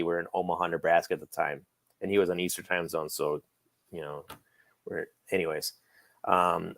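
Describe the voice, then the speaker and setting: A man's voice: deep voice, vocal fry, a bit bright, no echo. A middle-aged man casually telling stories about a late friend, acting out both sides of their phone calls. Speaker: guest, friend and manager recounting memories. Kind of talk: casual storytelling in a podcast chat.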